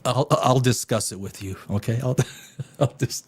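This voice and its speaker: A man hosting a live stream, ranting in a casual, crass and excitable way and laughing often. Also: medium pitch, moderate pace. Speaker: live show host.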